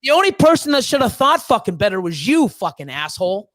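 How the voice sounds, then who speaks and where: Talking fast in a notably high voice, the host of a reptile-keeping live show swears freely through his animated storytelling. He breaks into laughter mid-sentence and mimics the people in his tales with voice changes; the sound is dry, close, and echo-free.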